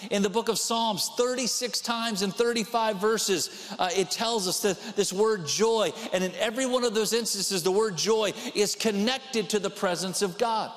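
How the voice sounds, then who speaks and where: A man's voice: sits high, normal speed, hardly any pauses, in a large hall. A man preaching a sermon as pastor, talking in a conversational way and repeating key phrases for emphasis.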